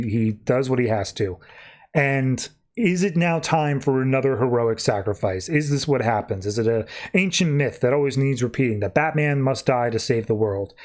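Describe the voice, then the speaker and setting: Host, male, rambling casual comics recap. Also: medium pitch. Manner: rambling, animated storyteller. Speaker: podcast host.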